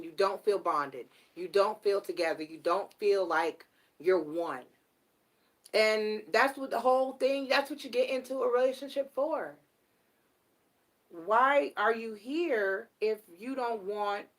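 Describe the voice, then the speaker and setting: A middle-aged woman giving a casual live tarot reading, blunt and animated and swearing freely. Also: mid-range voice. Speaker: tarot reader.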